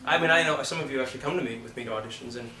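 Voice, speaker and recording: Brash acting teacher in a roomy class. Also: male voice, medium pitch, racing, sharp tone. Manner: blunt, profane and emphatic. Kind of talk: casual classroom talk. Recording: roomy, from a distance.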